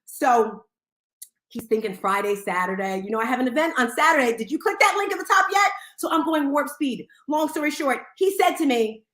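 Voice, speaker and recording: A woman hosting a live audio room, talking in an energetic, motivational way with quick asides. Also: high voice, reverberant. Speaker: show host.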